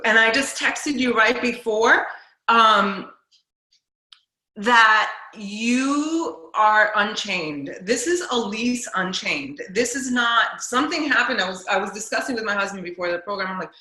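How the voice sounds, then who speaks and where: A woman hosting a casual video call chat, gushing, excitable and emotional. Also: on the high side, roomy sound, rough recording. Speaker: host.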